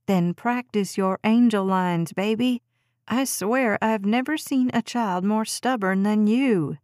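A woman's voice: mid-range voice, slow, a little mellow, no echo, clean studio sound, lightly acted. A woman voicing an exasperated young mother who scolds her daughter firmly but with a teasing edge. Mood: teasing coaxing. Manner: firm, scolding, half teasing.

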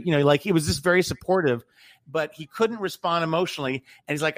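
A man's voice: a little high, fast talker. A man in casual chat, telling a story in a rambling way with many restarts and fillers.

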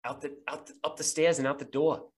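A man narrating a tabletop game as game master, halting and full of fillers. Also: a little high, level tone.

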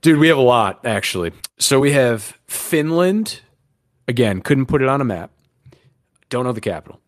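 A man's voice: mid-range voice, animated, moderate pace, no echo, clean studio sound. A man hosting a podcast in casual chat, crude, rambling and joking. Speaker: podcast host.

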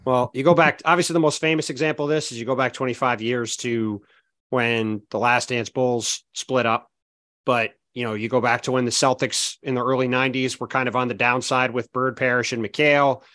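A man co-hosting a sports podcast, talking through basketball in a measured, analytical way that is full of "I mean" and "look". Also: mid-range voice, steady tone, a bit bright, dry recording. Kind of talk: casual basketball chat.

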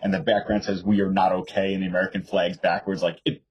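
Husky animated New man. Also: sits low, fast, dull audio. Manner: animated storyteller, mimics others in raised voice. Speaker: podcast co-host. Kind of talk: casual political chat.

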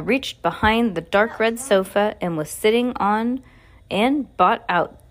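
Chatty woman reading a novel aloud. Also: medium pitch. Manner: chatty, joking commentary between passages. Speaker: reader. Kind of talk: reading a book aloud with casual asides.

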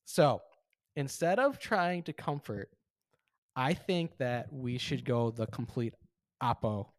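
A man's voice: mid-range voice, lively intonation, takes it slowly, dry recording. Dry-sounding teasing podcast guy. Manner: laughs often, teasing, lays out hypotheticals. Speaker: podcast co-host. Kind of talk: casual podcast conversation.

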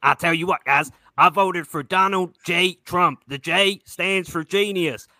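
A man voicing a boastful, rowdy Kentucky country man with a loud hollering twang. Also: high voice, unhurried, no echo, studio quality, exaggerated voice.

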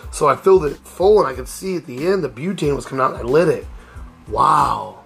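A man's voice: a little high, lively intonation, a little fast, gravelly, a bit bright, breathy edge, soft background music. A middle-aged man hosting a casual storytelling podcast, speaking candidly and rambling with frequent restarts. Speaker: podcast host.

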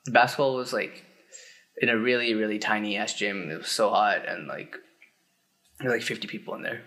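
A young man in a relaxed podcast chat with friends. He wanders through his stories and keeps stopping to fill the gaps with filler words. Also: on the low side. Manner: rambling, full of "like" and trailing pauses. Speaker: podcast co-host. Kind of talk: casual chat among friends.

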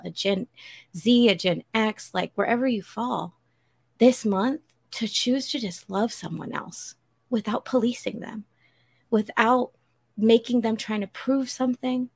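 A woman's voice: medium pitch, vocal fry. A woman on a podcast making an earnest, preacherly appeal to listeners and quoting scripture. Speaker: podcast regular. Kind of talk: heartfelt spiritual appeal.

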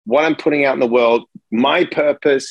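A man's voice: mid-range voice, normal speed, gravelly, no echo, highs cut off. Middle-aged man, casual podcast guest, emphatic and swearing, dry close sound. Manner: emphatic, profane, animated storytelling.

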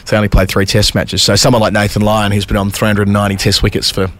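Man, rapid talker, lowish voice, brisk and wry cricket chat. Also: completely flat delivery, a bit bright. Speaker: cricket podcast co-host. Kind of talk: casual chat.

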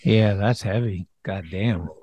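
A man's voice: lowish voice, takes it slowly, mellow, muffled recording. A man interviewing a guest casually, asking short questions and reacting briefly.

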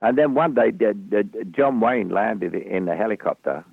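An older Cockney man with a very low, gravelly, husky voice tells stories in a halting, rambling way with a dry wit. The sound is tinny and phone-like, with a close, dry feel. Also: expressive, no echo. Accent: Cockney London. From London, England. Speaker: guest actor. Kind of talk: anecdotal storytelling. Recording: tinny phone-like radio audio.

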